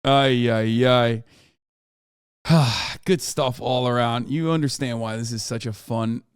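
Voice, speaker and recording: A man's voice: medium pitch, normal speed, clear, resonant tone, no room sound, studio quality. Sardonic, profane male streamer. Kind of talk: casual commentary.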